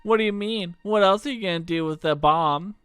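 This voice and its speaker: A man's voice: high voice, a little fast, smooth, no room sound, studio quality, soft background music, voice pushed up. A man putting on a brash young female thief. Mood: cocky. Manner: cocky, slangy, drops into shouts of rage. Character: brash young female thief with a rough Australian-style twang.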